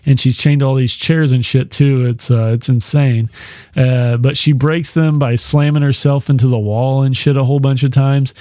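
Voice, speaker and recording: A man's voice: mid-range voice, steady tone, normal speed, a little mellow, no room sound, clean studio sound. A man hosting a podcast, retelling a novel's plot in a casual, rambling way, swearing freely and laughing now and then. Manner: rambling, profane, laughs often. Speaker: podcast host.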